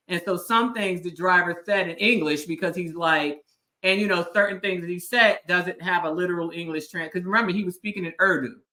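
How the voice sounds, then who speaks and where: A woman's voice: lowish voice, brisk, pushed and bright. A woman hosting an interview as a legal analyst, recounting events in an earnest, emphatic way and murmuring agreement while her guest talks. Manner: earnest storytelling, emphatic, frequent affirming murmurs. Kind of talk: casual interview conversation.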